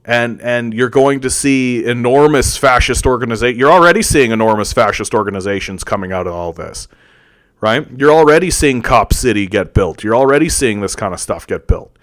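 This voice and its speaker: A man's voice: medium pitch, expressive, moderate pace, dry recording. A man from Canada giving an angry, profane political rant, often repeating words as he goes. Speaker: political commentator. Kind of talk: ranting political commentary.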